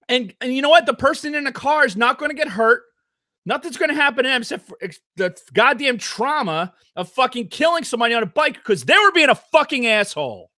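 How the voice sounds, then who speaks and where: A man's voice: very high-pitched, big pitch swings, brisk, pushed and bright. A man co-hosting a podcast in casual chat, ranting angrily and swearing constantly. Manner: heated, profanity-laden ranting. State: angry. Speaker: podcast co-host.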